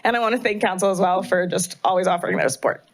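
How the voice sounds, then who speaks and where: American woman, city clerk, earnest thank-you speech, mid-pitched voice. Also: fairly even intonation, fast talker. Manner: earnest, slightly emotional, clears throat. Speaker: municipal clerk.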